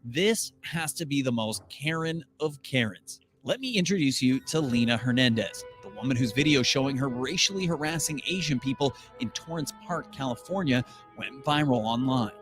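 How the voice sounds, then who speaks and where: A man giving scripted narration in an even, matter-of-fact way. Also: medium pitch, normal speed, hardly any pauses, faint music behind.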